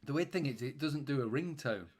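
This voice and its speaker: A man's voice: medium pitch, expressive, a little fast, darkish tone. Flustered, chatty male podcast co-host. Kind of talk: casual podcast chat.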